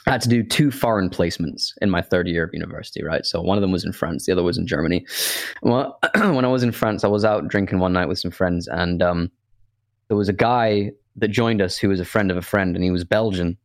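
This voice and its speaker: A man's voice: sits low, a little fast, dry recording, clean studio sound. A young man hosting a podcast, telling a story in a casual, chatty way and poking fun at himself. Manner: chatty, self-mocking storyteller. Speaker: podcast host. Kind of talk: casual chat.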